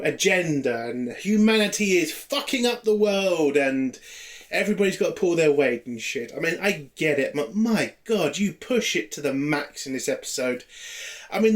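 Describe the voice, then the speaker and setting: A man from the UK giving a ranting TV episode review, exasperated and heavily profane throughout. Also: high-pitched.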